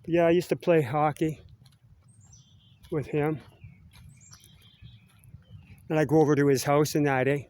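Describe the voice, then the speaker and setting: A man's voice: on the high side, steady tone, normal speed, darkish tone. A middle-aged man with a Canadian accent, chatting in a meandering way and tagging "eh?" onto his sentences as he walks around outside. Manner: chatty, meandering, ends phrases with "eh?". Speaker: vlogger. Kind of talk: casual rambling walk-and-talk. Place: outdoors walking around school grounds.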